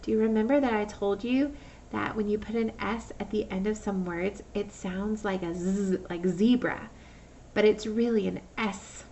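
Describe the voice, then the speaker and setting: A woman teacher leads young children through a phonics lesson, slowly and patiently stretching out sounds and asking questions. Her mid-range voice is warm and steady. The mic is distant, with a little hiss or hum.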